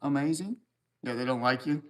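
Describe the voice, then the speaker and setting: A man's voice: mid-range voice, normal speed, a bit bright. A man hosting a livestream, reading viewer comments aloud and answering them with crude, rambling jokes in easy casual chat. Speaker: livestream host.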